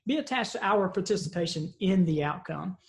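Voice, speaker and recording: A man's voice: high-pitched, animated, fairly quick. A man teaching a virtual leadership seminar in an earnest, storytelling way, often checking in with "right?". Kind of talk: motivational seminar talk.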